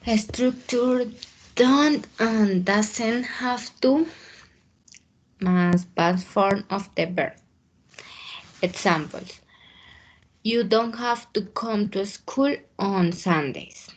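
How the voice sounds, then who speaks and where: A woman student reading English example sentences aloud in class, slowly and carefully. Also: mid-range voice. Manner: slow, careful, halting reading.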